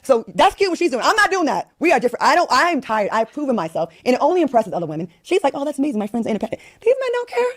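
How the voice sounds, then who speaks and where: Brief: exasperated woman in her fifties, quick and a touch high, dry sound. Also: very animated, no room sound. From United States. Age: 50s. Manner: exasperated, venting, rapid and emphatic. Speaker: talk show guest. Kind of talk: ranting on a talk show.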